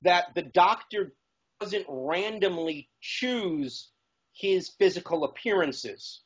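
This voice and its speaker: A man's voice: high-pitched, animated, slow pace, husky, dull audio. A man speaking as a talk show guest in casual chat, eager and rambling with frequent restarts.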